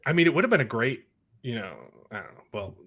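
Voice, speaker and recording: A man with a middle-pitched voice talks in a loose, sarcastic way, brushing things off and now and then sliding into mocking voices. He sounds like the host of a casual chat show. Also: sing-song, fast talker, a bit bright. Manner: sarcastic, dismissive, mocks scenes in put-on voices.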